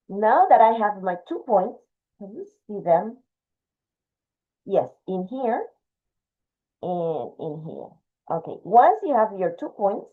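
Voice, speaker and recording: Woman art teacher, walks through the drawing step by step, thin phone-like sound. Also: medium pitch. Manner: patient, explains step by step, talks while drawing. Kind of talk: drawing lesson, demonstrating. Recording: tinny phone-like audio.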